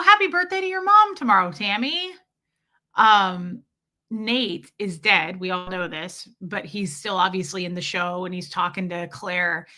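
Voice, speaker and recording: A woman in her forties hosts a casual livestream, reading chat and thanking viewers by name in a rambling, chatty way. Her voice is medium-pitched with a sharp tone.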